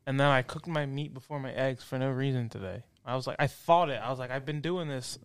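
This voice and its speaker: A man's voice: medium pitch, fast, smooth. A young man co-hosting a casual podcast, rambling and self-mocking, often laughing at himself. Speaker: podcast co-host. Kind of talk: casual chat.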